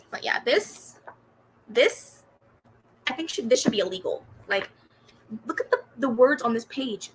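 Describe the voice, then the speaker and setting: Bright high-voiced chatty young woman. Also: slight background noise, low-quality recording. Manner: chatty, animated, giggly, swears casually. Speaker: booktube livestream host. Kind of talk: casual livestream chat reading comments. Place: home room with a fan running.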